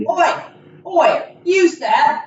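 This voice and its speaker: A woman's voice: mid-range voice, lively intonation, normal speed, very echoey, distant mic, dull audio, slight background noise, lightly acted. A woman putting on a hammy mock-British voice as a flea-ridden peasant woman begging for a turkey leg. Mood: pleading.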